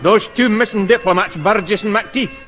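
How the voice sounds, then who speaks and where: A man playing a dour Scottish police inspector in a 1950s radio comedy, reporting gravely and growling 'arr' noises. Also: high-pitched, normal speed, fairly bright tone, faint music behind.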